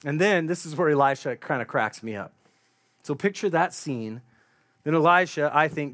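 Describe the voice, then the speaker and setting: A man's voice: on the high side, moderate pace, a bit bright. A man preaching a sermon, retelling a scripture story in a conversational, vivid storytelling way.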